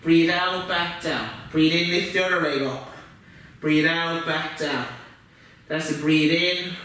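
A man's voice: sits high, far from the mic. Man guiding kids' yoga in an echoey room. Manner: gentle, encouraging, playful. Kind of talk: guided yoga instruction for children.

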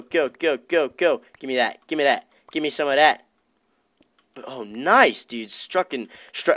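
A young man commentating his own Minecraft let's play as its gaming host, excitable and chatty with his viewers. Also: medium pitch, dry recording. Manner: hyped, excitable, talks to viewers as dudes. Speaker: gaming YouTuber.

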